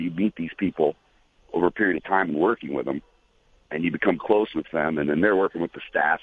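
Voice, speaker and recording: A man's voice: low voice, no echo. A man telling a long casual story with lots of fillers, as a guest on a talk show. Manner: rambling, many fillers. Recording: phone-line audio.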